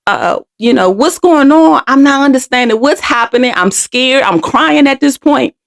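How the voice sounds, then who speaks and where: A middle-aged woman from Washington DC speaks to her podcast listeners in a frank, emotional monologue. Her voice sits a little high, with a gravelly fry running through it, and she often restarts and repeats words as she goes. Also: lively intonation, normal speed. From Washington DC, United States. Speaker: podcast host. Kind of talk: personal storytelling monologue.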